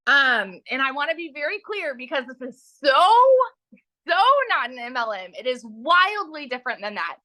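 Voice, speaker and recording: A woman in her thirties, a guest on a livestream interview, chatting excitedly and talking straight to viewers. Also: high-pitched, normal speed, dry recording. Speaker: guest sharing her story.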